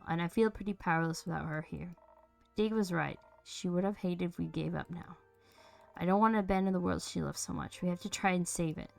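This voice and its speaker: A woman's voice: fairly low pitch, creaky. A woman streaming a narrative game, reading out all the characters' lines in playful, shifting voices. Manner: switches between character voices, lively and playful. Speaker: streamer voicing a game's characters.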